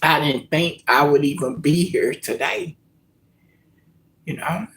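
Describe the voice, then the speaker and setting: A woman chatting live with her viewers before cooking. She talks slowly and openly, stretching out her pauses. Her voice sinks to near-whispers when she gets emotional. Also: deep voice. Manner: slow, heartfelt, emotional, addresses viewers as y'all. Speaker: cooking vlog host. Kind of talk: casual live-stream chat.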